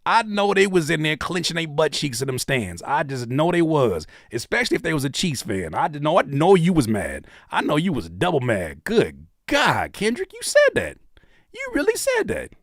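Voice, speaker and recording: A man giving casual, joking reaction commentary as a YouTube host, animated and often dropping into quiet asides. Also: on the high side, normal speed, no room sound, studio quality.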